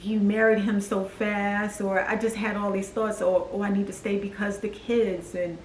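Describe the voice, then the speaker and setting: A middle-aged woman slowly telling a personal story in a vlog, pausing and restarting her sentences as she reflects. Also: mid-range voice, level tone, a little hiss or hum. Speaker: vlogger. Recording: echoey room with faint ambience.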